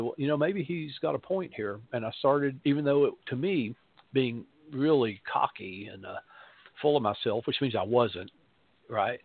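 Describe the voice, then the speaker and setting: A man's voice: mid-range voice, creaky, breathy edge, dry recording. A man, a pastor telling stories in a rambling, conversational way, with restarts and quoted asides. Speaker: pastor and radio show voice. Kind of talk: casual storytelling chat. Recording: dry, phone-like line.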